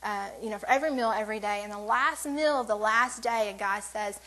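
A woman's voice: medium pitch, fairly quick, pushed and bright, low-quality recording. A woman giving a casual church devotional to women, rambling and interrupting herself with joking asides. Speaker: women's ministry speaker.

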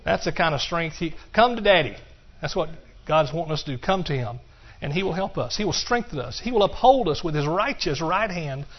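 A man's voice: a little high, expressive, fairly quick, husky. A man preaching a sermon in a church, building up with cries of hallelujah. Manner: emphatic preaching, shouts of hallelujah. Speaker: pastor. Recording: muffled lo-fi sermon recording.

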